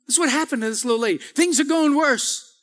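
This fast-talking pastor has a high, bright voice and preaches a call-and-response sermon that climbs to shouts. He's in a church sanctuary, and long hall reverb hangs on the recording.

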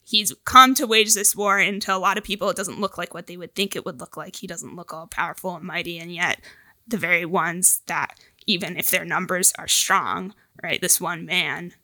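Bright, dry-voiced woman reflecting earnestly. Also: on the low side, fairly even intonation, normal speed, dry recording. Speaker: discussion guest. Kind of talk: casual discussion.

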